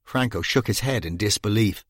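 Male narrator for a crime audiobook: middle voice, steady pacing, dry close mic. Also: fairly low pitch, dry recording. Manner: even, measured storytelling. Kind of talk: scripted narration.

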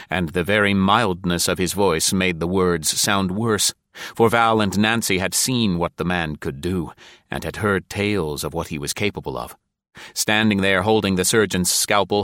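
A man narrates an adventure novel in a measured, dramatic reading. His voice is very deep and low. The recording is dry and close, with no room sound. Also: fairly bright tone, no echo. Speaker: audiobook narrator. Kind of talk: scripted narration.

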